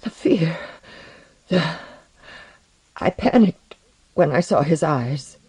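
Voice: medium pitch, animated, dark tone, husky, no echo, heavily acted. A narrator voicing a sobbing, frightened woman. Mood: panicked. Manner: halting, broken phrases. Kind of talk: audiobook character voice.

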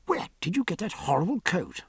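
A man reading as a loud, coarse elderly general. His brusque, scoffing voice leaps high in a lively, swooping way, and the sound is close and dry. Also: fairly quick, husky, dry recording, heavily acted. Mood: blustering.

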